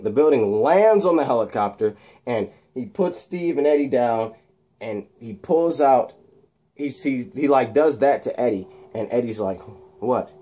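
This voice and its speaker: A man's voice: mid-range voice, warm tone. A young man casually retelling a film scene in a rambling way, full of restarts. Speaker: video creator.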